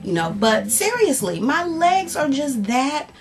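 A woman's voice: sits high, measured pace, music in the background. A sore, frustrated woman vlogging at home, talking candidly and animatedly in a casual rant to the camera, full of fillers and restarts. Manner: animated, exasperated, candid with fillers and self-interruptions. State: sore and frustrated after a workout. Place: at home, indoors.

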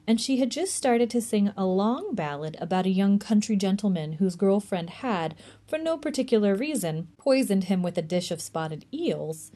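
A woman librarian reading a chapter book aloud for a tween storytime, gentle and even. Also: mid-range voice.

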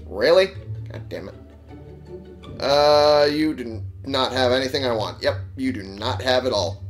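A man's voice: mid-range voice, unhurried, soft background music. A man giving casual let's play commentary, sarcastic and swearing as he talks back to game characters. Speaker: gamer playing on a channel.

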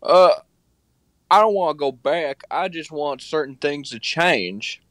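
A man's voice: fairly high pitch, lively intonation, measured pace, fairly bright tone, no room sound. Blunt man on speakerphone. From Mississippi, US. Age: 30s. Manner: blunt, short declarative answers. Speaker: interview guest. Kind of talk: phone call conversation. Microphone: phone on speaker.

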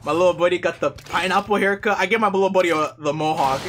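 A man streaming live gameplay, talking to his teammates and viewers and loudly trash-talking opponents. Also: high voice, quick pace, slight background noise. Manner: excitable, yells and trash-talks at opponents.

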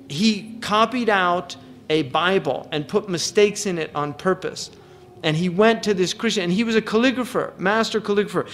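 A man's voice: high-pitched, a bit bright, a little hiss or hum. A man giving an earnest religious lecture, restarting phrases often and reciting Arabic verses. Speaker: Islamic lecturer.

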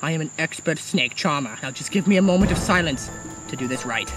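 A woman putting on a put-on Australian accent to play a bumbling, excitable wildlife adventurer in a comic parody, stumbling over words outdoors in the woods. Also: deep voice, brisk, music in the background, pitched below the performer's own voice. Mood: hushed.

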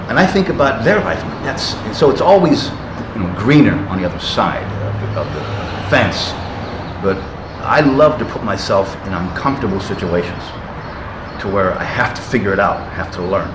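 A man's voice: on the low side, sing-song, moderate pace. A man in his sixties talking as an interview guest, reminiscing in an intense, emphatic, motivational way with punchy bursts. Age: 60s. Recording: roomy with loud traffic noise.

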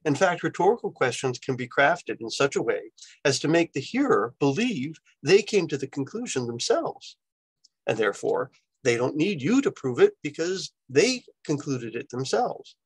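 A man's voice: on the high side, big pitch swings, normal speed, slightly rough, no echo, rough recording. A male university lecturer giving a recorded lecture in a conversational way, often ending points with "right?".

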